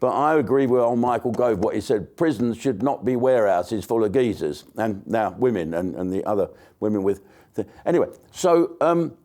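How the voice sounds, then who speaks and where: A man's voice: lowish voice, lively intonation, moderate pace, warm tone. An older man hosting his own show, ranting in a blunt, sweary, mocking comic monologue full of asides and restarts.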